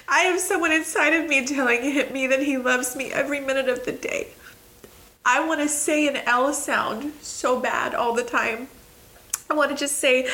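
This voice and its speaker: High, bright-voiced fervent woman preacher. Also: steady tone, moderate pace. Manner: fervent, emphatic, swinging between soft and exclaiming; talks straight to the listener. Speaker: host and preacher. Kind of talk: devotional teaching.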